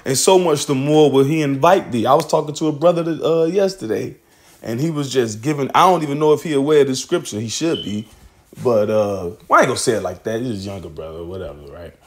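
A man's voice: mid-range voice, brisk. A man teaching scripture in a loose, casual way, swearing and laughing often as he reads verses aloud.

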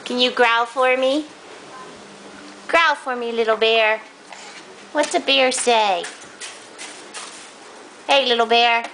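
A young mother filming her toddler at home, coaxing him in high sing-song baby talk on a handheld camera. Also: slow pace, long pauses, a bit bright, slight background noise, rough recording. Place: home indoors. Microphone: handheld camera mic.

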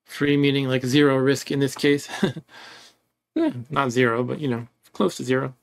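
A man with a creaky, mid-range voice talks at a normal pace while casually narrating his own game playthrough. He rambles, chuckles here and there, and reads the game's text out loud in classic let's-play style.

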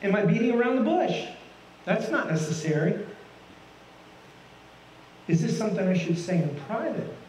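A middle-aged man preaches in a high, lively voice, folksy and full of questions for his listeners. He is heard from a distance in a roomy church sanctuary, with faint laughter from the congregation behind him. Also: normal speed, long pauses, a little hiss or hum. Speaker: guest pastor. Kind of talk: sermon.

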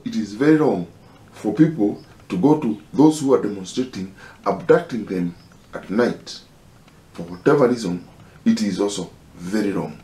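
A man with a Kenyan accent making an impassioned, halting personal appeal, pleading and repeating himself. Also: medium pitch, warm tone, roomy sound. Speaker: concerned citizen.

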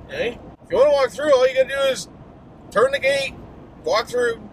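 A middle-aged man with a Canadian accent rants at his camera from behind the wheel. His voice sits high and leaps all over the place, full of folksy swearing and put-on outrage. Steady car and road noise runs under every word. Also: a little fast, gravelly. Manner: profane, mock-worked-up, folksy. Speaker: vlogger. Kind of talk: casual driving vlog rant. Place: inside a moving car. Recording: noisy car interior.

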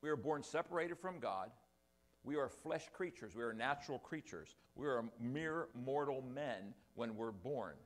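A man's voice: medium pitch, expressive, unhurried. Older man, church pastor, rambling sermon delivery. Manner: rambling, self-deprecating asides. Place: church sanctuary.

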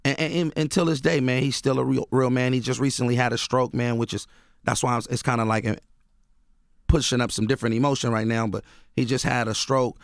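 In a radio studio, an Oakland author and rapper chats casually as a guest, spinning loose stories and saying "you know what I mean" a lot. He talks fairly quickly in a steady, gravelly, mid-pitched voice, with studio-quality sound and no room sound.

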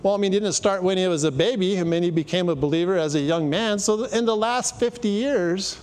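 A man's voice: high-pitched, brisk, a little mellow, in a large hall, a little hiss or hum. A middle-aged man giving an informal, conversational sermon to a congregation, repeating phrases for emphasis and telling stories. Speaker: congregation speaker giving weekly welcome. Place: congregation sanctuary.

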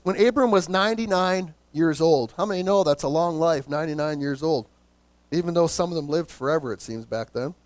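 A male pastor preaching a sermon, slowing down to stress key words and calling out to the congregation for responses. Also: sits high, no room sound.

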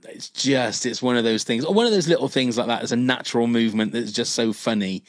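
A man's voice: mid-range voice, quick pace, dry recording. Chatty British man hosting a podcast. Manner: chatty, laughs easily while recounting scenes. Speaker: podcast host. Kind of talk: casual chat.

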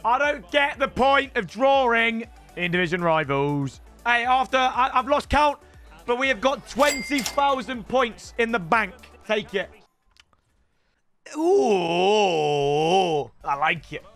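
A young man with a British accent commentates his own football match, loud and excitable, teasing chat between shots. His voice sits high and bright, and it leaps around in pitch as he reacts. Faint music plays behind him. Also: unhurried. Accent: British English. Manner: excitable, shouty, banters with chat. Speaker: gaming streamer. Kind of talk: live gameplay commentary.

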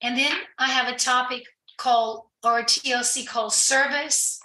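A guest on a conversational podcast interview, a woman who works as an addiction recovery professional, explains things earnestly with frequent fillers and restarts. Her bright, high-pitched voice has fairly even intonation at a normal speed. The recording is rough and reverberant.

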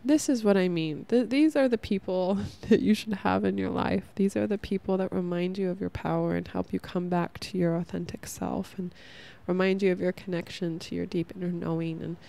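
Young woman, podcast host, rambling heartfelt chat, gravelly fry, warm mellow tone. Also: lowish voice, fairly even intonation, normal speed, hardly any pauses. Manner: rambling, heartfelt, says "like" a lot. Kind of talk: casual spiritual podcast monologue.

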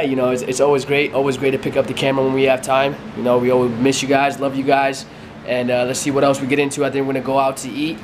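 A young man chatting casually to his vlog audience at home, loud and teasing. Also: mid-range voice, noisy background. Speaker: vlogger. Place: family home.

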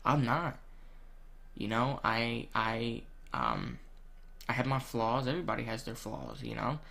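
A young man, ranting bluntly to camera in casual vlog talk, swearing a lot and filling pauses with ums. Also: medium pitch, lively intonation, gravelly, bright, forceful tone. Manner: blunt, profane, heated, with many ums. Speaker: vlogger.

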